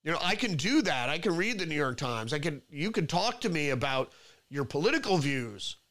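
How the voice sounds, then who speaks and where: A man's voice: a little high, very animated, fairly quick, fairly bright tone. A man hosting a solo political commentary show, reading headlines and reacting to them with rambling restarts and mocking outbursts.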